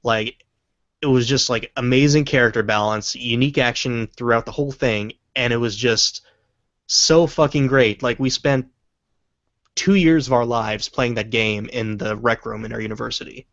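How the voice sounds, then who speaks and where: A man's voice: mid-range voice, fairly even intonation, moderate pace, fairly bright tone, no echo. A man in his twenties hosting a casual stream, rambling and hunting for words, swearing casually. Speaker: stream host reading viewer questions. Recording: dull lo-fi dry voice chat.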